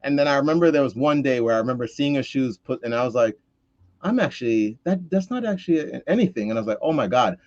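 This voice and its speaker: A man's voice: medium pitch, expressive, quick pace, no room sound, highs cut off. Earnest man in easy podcast chat. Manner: reflective, earnest, with restarts and quoted asides. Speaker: podcast co-host. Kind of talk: casual conversational chat.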